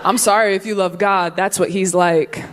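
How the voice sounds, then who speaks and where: A woman's voice: mid-range voice, normal speed, a crowd in the background, noisy background. A woman in her twenties performing a stand-up comedy set on stage, acting out quoted voices. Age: 20s. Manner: animated, acts out quoted voices. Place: stage before a laughing audience.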